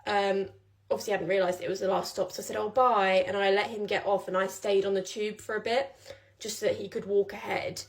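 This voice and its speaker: A woman's voice: medium pitch, flat delivery, quick pace. A young woman telling a personal story in a casual vlog, chatty and rambling with many fillers.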